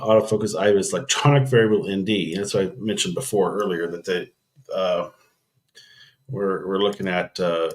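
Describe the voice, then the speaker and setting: A man hosting a casual live stream, rambling through camera news and thinking aloud with frequent ums and restarts. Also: deep voice.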